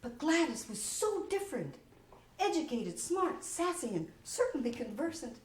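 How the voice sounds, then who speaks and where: Animated Southern woman telling a stage story. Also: high-pitched, moderate pace, far from the mic. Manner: animated, self-mocking storytelling. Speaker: solo performer. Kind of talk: solo theater monologue. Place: stage of a small theater. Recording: roomy live theater recording.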